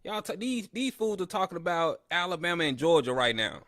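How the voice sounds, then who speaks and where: Excited man trash-talking on a live stream. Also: high voice, brisk, dry recording, studio quality. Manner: boastful trash talk, then ranting complaints; talks straight to his chat audience. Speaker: host of a live sports listen-along stream. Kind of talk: casual live fan commentary.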